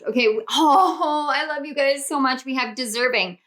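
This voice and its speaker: Woman, high voice, young adult, tarot reader, effusive, spiritual, excitable. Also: moderate pace. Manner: gushing, excitable, spiritual, exclamatory. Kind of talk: pick-a-card tarot reading to camera.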